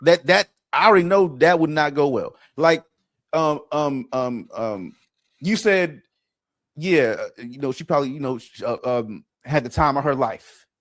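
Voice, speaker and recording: A man hosting a podcast, telling stories in casual chat, profane and animated, acting out what people said. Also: fairly high pitch, unhurried, no room sound, clean studio sound. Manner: profane, animated, acts out quotes. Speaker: podcast host. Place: studio.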